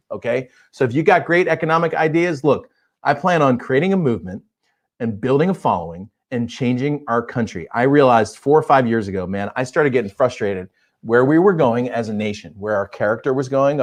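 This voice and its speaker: Man, mid-range voice, casual live-stream host, laughs a lot, punchy and animated. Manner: chatty, laughs often, reads viewer comments; energetic, emphatic pitch. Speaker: host of a live online show.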